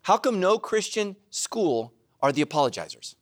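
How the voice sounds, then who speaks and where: A middle-aged male pastor preaches with a voice that swings widely up and down, sitting a little high for a man. He jokes and laughs at his own mishaps. Now and then he bursts into loud shouted asides. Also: a little slow, hardly any pauses. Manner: animated, joking and laughing at himself. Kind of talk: sermon.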